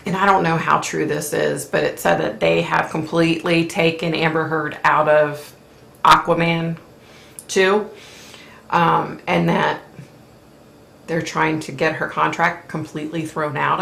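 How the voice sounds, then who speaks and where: A woman hosting a casual live-stream chat, chatty and opinionated, clearing her throat often as her voice wears out. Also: low voice, fairly bright tone, roomy sound. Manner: chatty, opinionated, frequent fillers. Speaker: host.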